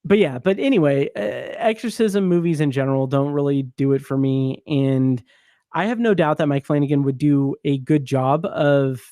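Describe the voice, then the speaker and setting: A man's voice: a little high, moderate pace, dark tone, no room sound, studio quality. A man hosting a casual film podcast, easygoing and rambling, with frequent laughs and asides. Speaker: podcast host.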